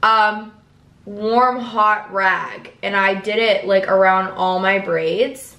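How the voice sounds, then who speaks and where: Young woman vlogging, bright chatty voice, swears a lot, echoey room, mic a bit far. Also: mid-range voice, steady tone, takes it slowly. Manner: rambling, swears casually, fillers and self-talk. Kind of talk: casual chat vlog.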